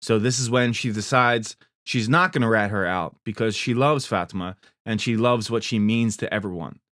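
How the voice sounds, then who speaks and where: A man's voice: lowish voice, dry recording, studio quality. A man hosting a recap video, telling events in a casual, profane way and jumping into characters' lines. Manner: profane, animated, acts out characters' lines in quick asides.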